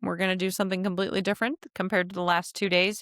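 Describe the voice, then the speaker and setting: A woman's voice: fairly low pitch, little pitch movement, rapid-fire, few pauses, fairly bright tone, no echo, clean studio sound. Chatty nasal woman podcast host. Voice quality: nasal from allergies. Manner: rambling, chatty, self-deprecating. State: stuffy with allergies. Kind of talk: casual solo podcast monologue.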